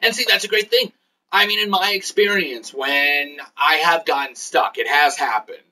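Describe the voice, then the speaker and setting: A man's voice: fairly high pitch, moderate pace, sharp tone, recorded from a distance, poor audio. A man hosting a casual chat, explaining at length in a rambling way. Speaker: host.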